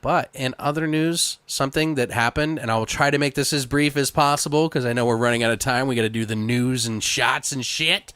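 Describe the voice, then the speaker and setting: A man's voice: mid-range voice, steady tone, fairly quick, hardly any pauses, fairly bright tone, clear, resonant tone, no echo. A man hosting a podcast, telling a long story in casual chat, rambling and swearing freely. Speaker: podcast host.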